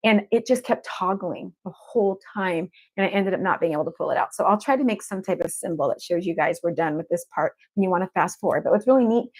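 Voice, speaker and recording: A woman, an evidential medium, chatting casually and effusively with viewers as she hosts a livestream. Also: mid-range voice. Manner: effusive and upbeat, repeats affection to the audience.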